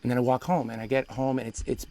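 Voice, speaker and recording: A man's voice: medium pitch, little pitch movement, fast talker, gravelly, warm tone, dry recording. A man telling a comic personal story as a solo live performer, rambling and restarting his sentences, and turning into a heated rant. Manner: rambling, self-interrupting delivery with many restarts; grows heated and ranting in the political part. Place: at home, performed live online.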